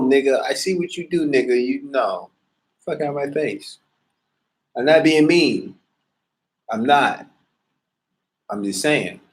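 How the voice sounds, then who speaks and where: A man in a casual monologue, talking in a slangy, profane, animated way. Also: on the high side.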